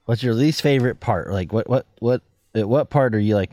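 A man's voice: mid-range voice, a little fast, warm tone, no echo. A man hosting a podcast in casual chat, rambling, laughing often and restarting his sentences. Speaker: podcast host.

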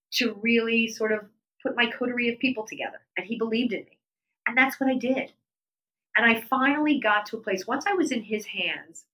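Appearing as an interview guest, a middle-aged woman tells her story with animation, her pitch leaping up whenever she quotes people. The audio is poor.

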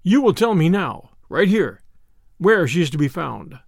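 A man's voice: a little high, very animated, a little slow, vocal fry, no echo, studio quality, full character voice. A man voicing a brash young American man with an American accent in an audiobook, drawling and cheerfully menacing. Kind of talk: audiobook character voice.

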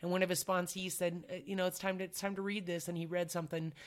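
A woman's voice: lowish voice, flat delivery, fast talker. A woman in her forties, a podcast guest, talking in a candid, rambling, self-deprecating way and laughing easily at herself. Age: 40s. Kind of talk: candid conversational chat.

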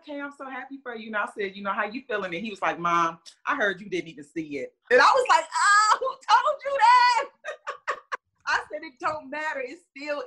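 Chatty, bright-voiced mother telling a story. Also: medium pitch. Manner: chatty, lots of fillers, acts out quotes. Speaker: football player's mother, podcast guest. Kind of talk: casual storytelling.

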